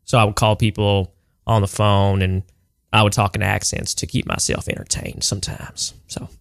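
Excitable male host who repeats himself. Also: fairly low pitch, moderate pace, vocal fry, no echo, clean studio sound. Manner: enthusiastic, repeats words, stumbles and restarts. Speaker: podcast host. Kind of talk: casual interview chat.

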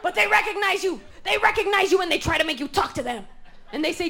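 A woman's voice: very high voice, fast, sharp tone. A woman performing a stand-up comedy routine on stage, delivering absurd one-liners with mock seriousness. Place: comedy stage before an audience. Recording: noisy live recording.

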